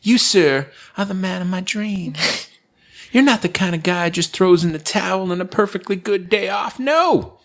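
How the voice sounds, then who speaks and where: A woman's voice: lowish voice, animated, normal speed. A man doing a gushing lovestruck woman. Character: gushing woman writing a love note.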